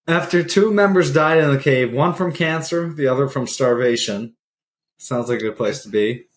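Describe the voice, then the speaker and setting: A man's voice: mid-range voice, unhurried. Rambling, easygoing male podcaster. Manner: loose, rambling, deadpan asides. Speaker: podcast co-host. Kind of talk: casual podcast banter.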